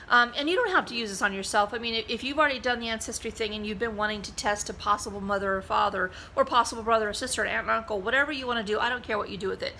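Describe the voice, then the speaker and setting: A middle-aged woman chats to her camera in a loose, meandering way, full of ums and restarted sentences. Her voice is bright and forward, and a faint hiss of background noise runs under it. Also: medium pitch, low-quality recording. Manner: rambling, many fillers and restarts. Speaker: vlogger. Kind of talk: casual talk to camera.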